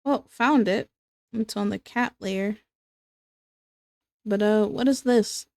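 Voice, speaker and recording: Young female streamer, casual drawing chat, slow filler-heavy delivery, dry mic. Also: medium pitch, creaky, a little mellow, no room sound. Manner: rambling, filler-heavy, breaks into laughter. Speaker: streamer and illustrator.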